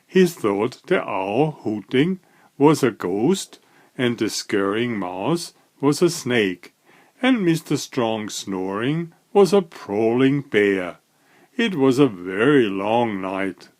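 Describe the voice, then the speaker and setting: A man reading a children's picture book aloud, with slow, lively storytelling. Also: medium pitch. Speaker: storybook reader.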